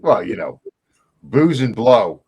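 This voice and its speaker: A man's voice: mid-range voice, big pitch swings, takes it slowly, gravelly, a little mellow, husky, lo-fi sound. A man hosting a casual chat who chimes in with reactions and comments. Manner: chiming in with reactions.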